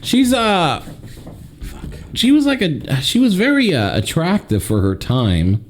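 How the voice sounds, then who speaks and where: A man co-hosting a casual podcast chat. His pitch swings widely as he jokes and swears his way through the talk. He is animated and quick to throw in a mock voice. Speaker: podcast co-host.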